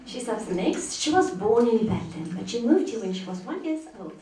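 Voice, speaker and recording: A woman host introducing the next reader at a bookshop poetry night, in a relaxed, chatty way. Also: a little high, moderate pace, a little hiss or hum. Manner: relaxed, chatty, laughs easily. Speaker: event host. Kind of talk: introducing a speaker. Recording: roomy, from far off the mic.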